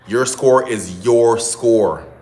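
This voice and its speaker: A man's voice: medium pitch, extremely slow, mellow. A man hosting casual solo boxing commentary, talking in a conversational, opinionated way and thinking aloud. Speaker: boxing commentator, show host.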